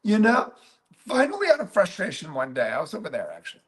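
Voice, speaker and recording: This is a man teaching fellow clinicians through a patient case in an animated storytelling way. His voice sits high and ranges widely, and he keeps checking in with "right?" and "okay?". He replays his own past remarks as he goes. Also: quick pace. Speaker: physical therapist and clinic coach.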